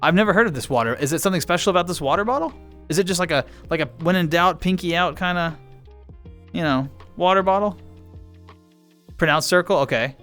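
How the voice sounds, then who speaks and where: A man's voice: sits high, fairly quick, fairly bright tone, faint music behind. A man, casually chatting with viewers on a live stream, reading chat aloud and laughing often.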